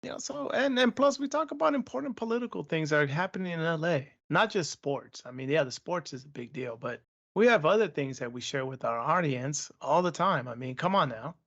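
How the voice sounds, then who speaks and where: A man from Southern California co-hosting a casual chat podcast, excitable, laughing often and talking over his co-host. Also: on the high side, a little fast, muffled recording.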